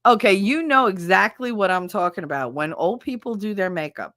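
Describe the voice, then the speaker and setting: A woman streamer chatting casually while she works, telling animated stories, laughing often and acting out the people she quotes. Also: medium pitch, brisk, dry recording, studio quality. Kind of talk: casual chat while doing a task.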